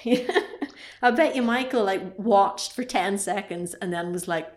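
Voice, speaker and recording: A woman's voice: medium pitch, a little slow, reverberant. A woman co-hosting a podcast, chatting casually and animatedly as she retells a horror film with playful sound effects. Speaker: podcast co-host.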